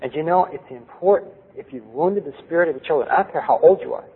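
A man's voice: a little high, fast, husky. A middle-aged man preaching a sermon, earnest, asking the audience rhetorical questions. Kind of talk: sermon with personal story. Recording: tinny lo-fi recording with long hall reverb.

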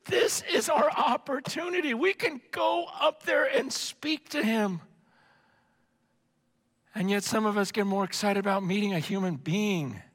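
A man preaching a sermon with passion, swinging between shouting and hushed tones. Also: high-pitched, a little slow. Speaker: pastor. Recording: long hall reverb.

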